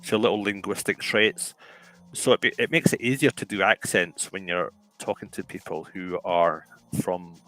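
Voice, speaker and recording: A man's voice: sits low, fairly even intonation, normal speed, a bit bright, poor audio. A man hosting a casual talk show, rambling with restarts and calling his listeners folks. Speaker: podcast host. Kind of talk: casual chat.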